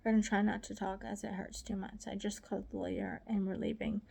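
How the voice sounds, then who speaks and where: A woman reading her own diary aloud, soft and often half-whispered, halting and grieving. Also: mid-range voice, level tone, vocal fry, husky. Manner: halting, with restarts. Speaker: diary reader.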